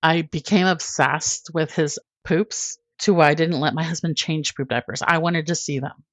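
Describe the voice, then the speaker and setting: Podcast guest, woman, lower register, candid and emotional storyteller, dry sound. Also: steady tone, moderate pace, no echo. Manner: emotional, candid, often laughing at herself.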